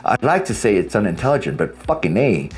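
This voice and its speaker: A man's voice: on the low side, very animated, brisk. A man giving blunt, casual advice as a divorce coach, speaking straight to his viewers and swearing freely. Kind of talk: direct-to-camera advice talk.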